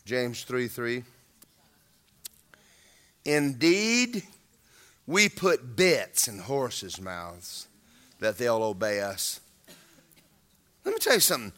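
A man preaching a sermon, animated, acting out voices and rising to shouts at the peaks. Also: medium pitch, takes it slowly, long pauses.

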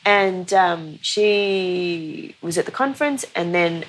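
A woman's voice: on the low side, lively intonation, slow. A woman guest on a podcast, telling a long story in a conversational way, often saying "you know".

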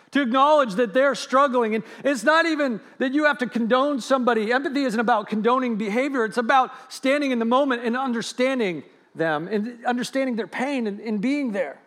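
Brief: male pastor, very high voice, earnest, loud then hushed. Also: a little fast. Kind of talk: sermon.

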